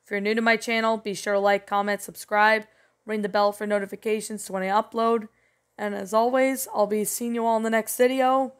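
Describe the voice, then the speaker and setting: A woman hosting a spooky-story channel, giving a rambling casual review, her voice a little rough as if she is sick. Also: medium pitch, little pitch movement, a little fast. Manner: rambling, leans on "you know" and "um". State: voice rough, sounding a bit sick. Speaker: creepypasta channel host.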